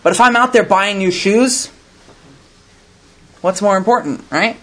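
A man's voice: high-pitched, measured pace, sharp tone. A man reading aloud and commenting to a recovery group, in an earnest, conversational way, often ending thoughts with "right?". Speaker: recovery meeting speaker.

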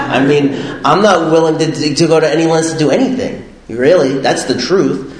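A man casually telling his personal recovery story, rambling and animated, full of fillers and laughing often. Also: medium pitch, measured pace, roomy sound, low-quality recording.

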